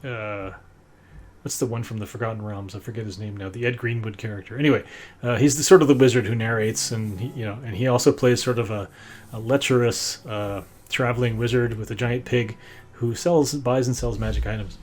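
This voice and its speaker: A man's voice: mid-range voice, fairly even intonation, fairly quick, darkish tone. Rambling man narrating a tabletop game. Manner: rambling, many fillers and restarts. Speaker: game master.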